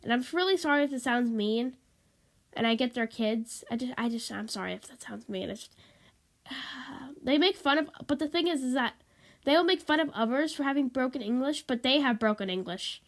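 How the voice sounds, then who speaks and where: Her high-pitched, expressive voice moves at normal speed as she rambles through a casual vlog on her tablet's microphone. Stuffy and sniffling, the woman keeps apologizing and saying the same things again.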